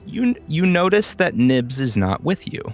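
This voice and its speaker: A man narrating as game master of a tabletop game, with slow, dramatic storytelling. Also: a little high, big pitch swings, soft background music.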